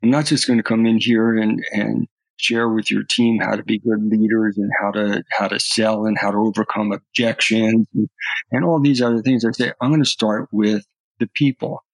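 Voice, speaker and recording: Speaking at a moderate pace in a level, lowish voice with vocal fry, a middle-aged male podcast guest earnestly recounts personal stories and often restarts his words. The recording is dry and the audio poor.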